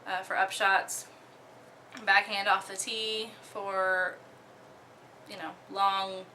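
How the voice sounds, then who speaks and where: A young woman from Oklahoma casually talking through her disc golf bag, relaxed, with many ums and the odd giggle. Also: mid-range voice, slight background noise. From Oklahoma, USA. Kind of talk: casual show-and-tell.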